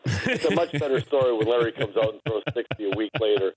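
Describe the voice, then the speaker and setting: A man's voice: on the low side, fast, a crowd in the background, poor audio. Man laughing through old stories. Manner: laughing anecdotes, many restarts. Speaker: former basketball player, guest. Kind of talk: casual storytelling interview.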